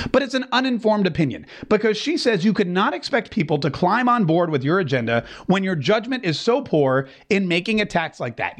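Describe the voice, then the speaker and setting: Animated, high-voiced sarcastic male commentator. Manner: animated, sarcastic, mocking asides. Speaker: political show host. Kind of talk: opinionated commentary.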